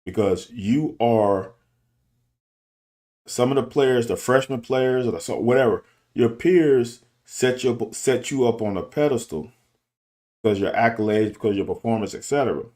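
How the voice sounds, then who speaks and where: A man's voice: mid-range voice, normal speed, a little mellow. A middle-aged man and football coach talking candidly in a casual monologue, restarting and repeating himself to make his point. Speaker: football coach and show host. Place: car.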